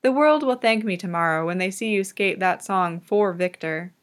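A woman's voice: mid-range voice, moderate pace, close to an everyday voice. A woman voicing a cheerful, teasing young male figure skater in a fan audiobook reading. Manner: teasing, playful.

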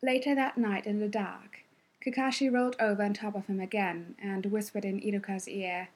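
Breathy woman narrating in a hush. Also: mid-range voice, fairly even intonation, moderate pace. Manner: soft, hushed, close delivery. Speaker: reader. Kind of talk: hushed audiobook-style fan fiction narration.

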